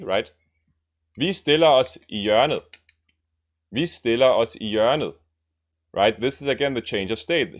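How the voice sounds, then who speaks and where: A man teaching language lessons, explaining grammar and repeating example sentences, often checking in with "right?". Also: lowish voice.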